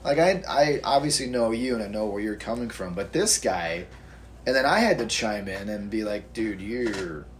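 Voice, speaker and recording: A man's voice: fairly low pitch, lively intonation, moderate pace, slight background noise. A man in casual conversation, laid-back and often laughing as he talks. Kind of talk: casual chat.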